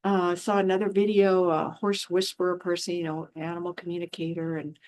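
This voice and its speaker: This woman talks a little fast in a fairly low, a little mellow voice with little pitch movement. An animal communicator and spiritual healer, she tells stories frankly and casually, changing her voice for quotes and adding exasperated remarks.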